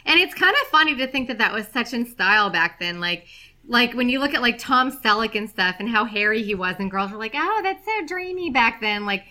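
A woman co-hosts a film podcast, chatting casually and telling stories while laughing often. Her voice is fairly high and sharp in tone, and she speaks briskly.

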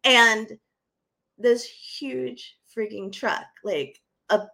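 A woman's voice: fairly high pitch, steady tone, very slow, gravelly, sharp tone. A middle-aged woman co-hosting a live podcast, telling a story dramatically and animatedly. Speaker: podcast co-host.

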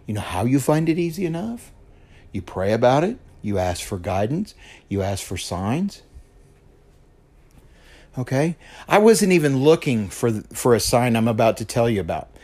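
With a warm, medium-pitched voice that swings widely in pitch, this West Texas podcast host speaks at a normal speed broken by long pauses. He shares a personal story earnestly and repetitively, frequently asking listeners "okay?"

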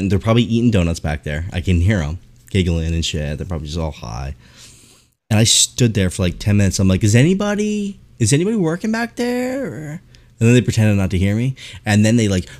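A man hosting a podcast, telling animated stories in casual chat and swearing freely. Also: low voice, brisk. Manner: animated, profane storytelling. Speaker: podcast host.

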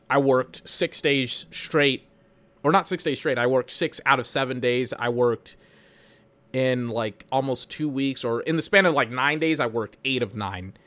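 A young man hosting a casual solo podcast, ranting with exasperation, swearing and bursting into shouts. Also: mid-range voice, dry recording. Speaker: podcast host.

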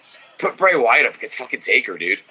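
A man's voice: medium pitch, sing-song, brisk, pushed and bright, slightly rough, rough recording. A man co-hosting a casual podcast, watching wrestling and giving blunt, opinionated takes full of swearing. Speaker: podcast co-host.

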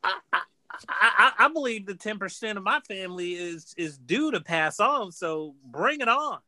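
Actor for a high, bright-toned, muddled board member, dry sound. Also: male voice, lively intonation, normal speed, no echo, full character voice. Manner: stammering, muddled.

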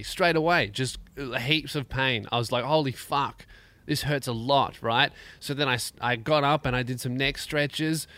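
A man's voice: medium pitch, dry recording. A man hosting a comedic solo podcast, crude and self-mocking, talking through neck pain. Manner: crude, self-mocking, animated with acted-out quotes. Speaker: podcast host.

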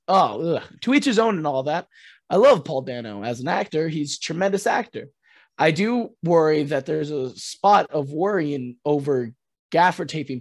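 A man co-hosting a podcast in casual chat, excitable and swearing often, acting out quotes in big voices. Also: a little high, no room sound. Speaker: podcast co-host.

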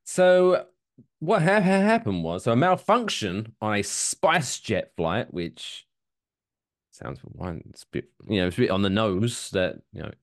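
A man's voice: lowish voice, sing-song, a little slow, no room sound, clean studio sound. A man co-hosting a comedy podcast in casual chat, jokey and reading news stories aloud. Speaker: podcast co-host.

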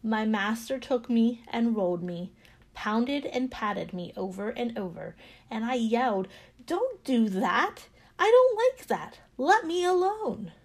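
A woman's voice: on the high side, unhurried, vocal fry, a little mellow. Woman doing an anxious talking teacup crying out. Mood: distressed. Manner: cries out in distress. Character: talking teacup once a lump of clay, anxious. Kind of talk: told storybook parable.

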